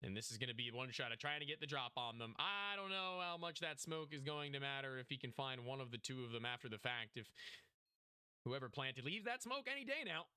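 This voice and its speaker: A man's voice: mid-range voice, fairly even intonation, quick pace, few pauses, sharp tone, smooth, no room sound, studio quality. A young man casually commentating a game match, hyped and joking, talking to chat. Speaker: esports caster.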